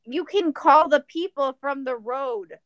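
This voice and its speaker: A woman co-hosting a podcast in casual chat, joking and rambling through plans in an animated way. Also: high-pitched, measured pace, no echo, muffled recording. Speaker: podcast co-host.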